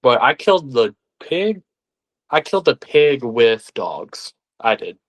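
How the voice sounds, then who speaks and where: A man's voice: medium pitch, slow. Young man telling hunting stories. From Arkansas, United States. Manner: animated, acts out quoted voices. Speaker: guest. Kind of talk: casual storytelling.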